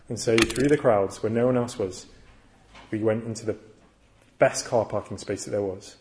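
A man's voice: mid-range voice, moderate pace, a little mellow. Earnest man preaching a sermon. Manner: earnest, storytelling, emphatic repetitions.

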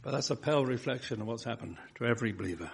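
A man preaching a sermon, building phrases up emphatically and dropping to a hush on key words. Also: medium pitch, lively intonation, very fast, creaky, breathy edge.

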